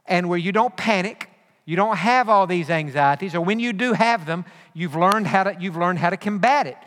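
A pastor delivers a sermon in a high-pitched, fairly bright voice, earnest and repetitive, frequently starting his phrases over. The recording carries a long hall reverb.

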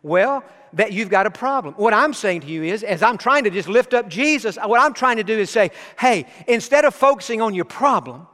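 A man's voice: high-pitched, animated, fairly quick, hardly any pauses, fairly bright tone. Earnest man preaching in a big hall. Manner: earnest, personal storytelling. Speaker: pastor. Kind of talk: sermon. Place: church sanctuary.

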